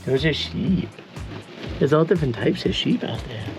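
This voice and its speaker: A man's voice: fairly high pitch, moderate pace, soft background music. Laid-back joking man on the road. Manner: relaxed and joking. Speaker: travel vlogger. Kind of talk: casual vlog chat.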